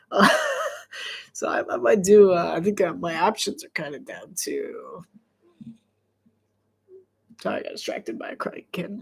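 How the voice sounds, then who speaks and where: A woman's voice: medium pitch, slightly rough. Nasal-voiced woman, casual live sports commentator, quips, laughs a lot, jumps up in volume on big plays. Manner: jokey, laughs often, rambling asides; rises to loud excitement on big plays.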